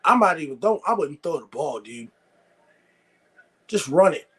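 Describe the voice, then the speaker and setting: Young male streamer, high-pitched, excitable, argumentative live watch-along commentary. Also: measured pace, slightly rough. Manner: excitable, argumentative, reads chat aloud.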